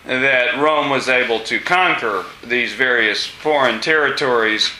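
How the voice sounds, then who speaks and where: A man teaching a class, asking students questions with many pauses and fillers. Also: mid-range voice, sharp tone, slight background noise. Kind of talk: classroom discussion lesson. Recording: echoey room.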